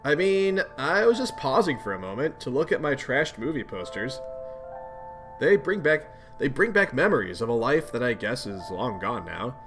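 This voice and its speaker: A man's voice: mid-range voice, big pitch swings, normal speed, music in the background. A man voicing an earnest, polite teenage boy hero in a webcomic read-aloud, sounding mildly bewildered.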